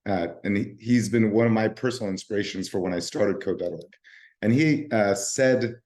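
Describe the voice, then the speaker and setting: Middle-aged male speaker, scratchy hoarse voice, low pitch, relaxed presenter on a video call. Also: moderate pace. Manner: relaxed, talks with fillers and restarts. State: hoarse from voice overuse. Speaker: guest speaker, nonprofit founder. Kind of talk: live-stream presentation.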